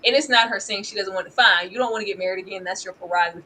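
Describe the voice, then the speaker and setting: A woman giving casual, animated commentary on a reality show, laughing often and mimicking people with exaggerated voices. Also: mid-range voice, very fast, a little hiss or hum, low-quality recording. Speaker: reality TV reviewer.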